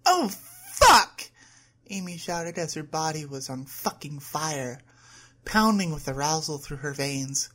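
A woman narrating an adult short story at a steady reading pace. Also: low voice, a little slow.

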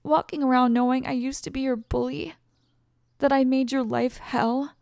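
A woman playing a gravelly, insecure pregnant ex-bully. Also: sits high, flat delivery, moderate pace, no echo, studio quality. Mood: tearful. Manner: emotional, defensive then tender, soft confessional asides. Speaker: audio role-play performer. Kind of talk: listener-directed audio role-play.

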